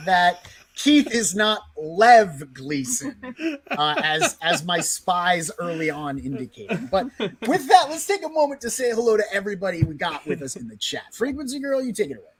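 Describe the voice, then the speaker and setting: A man's voice: sits high, sing-song, normal speed, breathy edge. A man co-hosting a livestream, interviewing a guest in a joking way with lots of "uh" and "you know". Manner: playful, full of "uh" and "you know". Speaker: livestream co-host.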